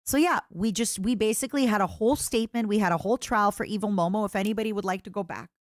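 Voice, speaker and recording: A woman streamer chatting casually with her viewers, rambling and animated, often restarting her sentences. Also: medium pitch, fast talker, no room sound, studio quality. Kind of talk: casual livestream chat.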